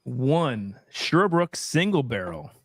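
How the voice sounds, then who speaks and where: A man's voice: medium pitch, big pitch swings, takes it slowly, dry recording, clean studio sound. Joking man hosting a whiskey panel. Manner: bantering, swearing and laughing. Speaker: host. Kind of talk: casual chat, tasting whiskey.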